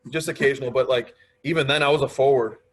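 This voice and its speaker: A man's voice: mid-range voice, fast. A man in his twenties, a guest on a podcast, chatting casually and telling stories, often acting out what others said to him. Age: 20s. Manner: storytelling, quoting others in lively asides. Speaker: podcast guest, pro hockey player. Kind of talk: casual interview chat.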